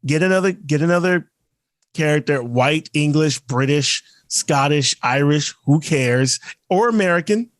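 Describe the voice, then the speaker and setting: A man's voice: on the high side, unhurried, no room sound, studio quality. A man co-hosting a podcast, talking in a rambling, emphatic way with some swearing. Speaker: podcast co-host. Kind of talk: casual chat.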